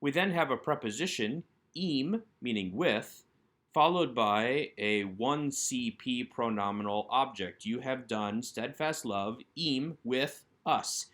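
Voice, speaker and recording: A man's voice: medium pitch, slow, fairly bright tone. A man teaching Hebrew grammar in a recorded workbook lesson, patiently and methodically explaining each word.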